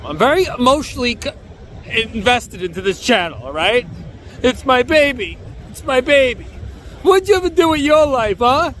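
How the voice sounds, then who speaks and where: A man with a New York accent rambles through a comic vlog, boasting and mocking himself in turn. His voice sits very high and swings around a lot. It is recorded outdoors near a beach, with faint noise behind him. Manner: boastful, joking, self-mocking, animated. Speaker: bodyboarding vlogger.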